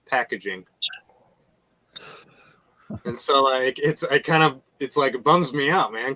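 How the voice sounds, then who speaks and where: Brief: man, middle-pitched, easygoing, heavy on fillers. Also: sharp tone, rough recording. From United States. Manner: laid-back, lots of "like" fillers. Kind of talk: casual chat.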